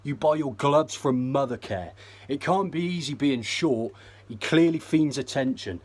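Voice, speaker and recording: A man's voice: medium pitch, lively intonation, measured pace, a little mellow. A man with a mid-range voice, rapping battle bars a cappella. He sneers through one insult after another. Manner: sneering, insult-heavy delivery. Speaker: battle rapper. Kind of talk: a cappella rap battle verses.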